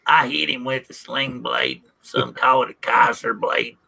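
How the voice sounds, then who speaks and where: A man impersonating a slow-drawling older Southern film character, mumbling low with grunted hums between lines. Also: big pitch swings, vocal fry, sharp tone, slightly rough, heavily acted. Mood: deadpan.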